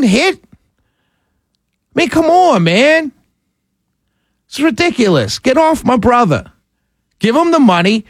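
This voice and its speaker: A radio talk show host delivers an opinionated monologue, ranting in an animated, incredulous way with sarcastic quoted voices and laughter. His voice is high-pitched, and the studio sound is clean with no echo.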